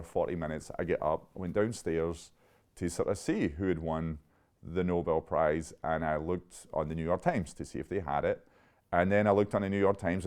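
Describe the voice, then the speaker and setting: A man in his fifties, a chemist giving an interview, telling stories in a lively, laughing way with frequent restarts. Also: low voice. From Scotland. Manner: animated, laughing often, restarts mid-sentence. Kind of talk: conversational interview storytelling.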